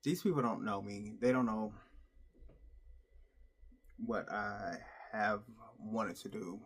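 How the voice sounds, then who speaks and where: A man telling a heartfelt story in a casual personal vlog, halting often with fillers and restarts. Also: on the low side, slightly rough. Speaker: vlogger.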